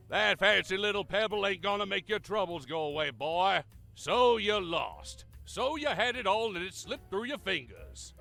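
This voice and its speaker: A loud old cartoon rooster with a put-on Southern drawl, who lectures and stammers out "I say, boy". The voice is high and swooping, gravelly and bright, with faint music underneath. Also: dry recording, heavily acted. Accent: American Southern (put on). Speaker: viewer's submitted impression clip.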